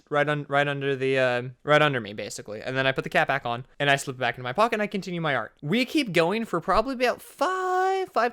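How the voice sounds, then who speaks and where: A young man in his twenties telling a funny school story in casual vlog chat, full of fillers, and he jumps up high for exclamations. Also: a bit bright. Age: young adult. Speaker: storytelling vlogger.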